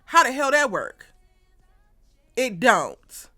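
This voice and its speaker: High bright woman ranting about TV. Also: very animated, slow, soft background music. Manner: blunt, exasperated, swears freely, talks straight to viewers. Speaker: TV recap host. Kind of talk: TV episode breakdown rant.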